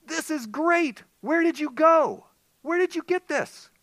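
Guy putting on a high, loud older widow lady, really emotional, dry close sound. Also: lively intonation, a little slow, dry recording, heavily acted. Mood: excited. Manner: high, loud, emphatic delivery.

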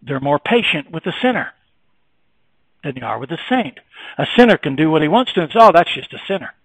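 A man preaching a sermon, emphatic and repetitive, swinging between quiet reflection and raised, insistent passages. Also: on the high side, very animated, brisk, gravelly, slightly rough, no room sound, poor audio.

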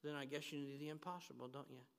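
A man preaching an emphatic sermon in a church, swinging between hushed and loud. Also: fairly high pitch, steady tone, quick pace, gravelly, clean tone. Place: church sanctuary. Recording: long hall reverb.

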